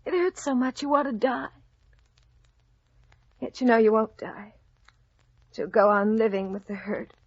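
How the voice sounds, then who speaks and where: An actress playing a gentle, heartbroken young woman who speaks in a soft, earnest way, in 1940s radio acting on a dull old radio broadcast. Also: on the high side, unhurried, long pauses, dry recording.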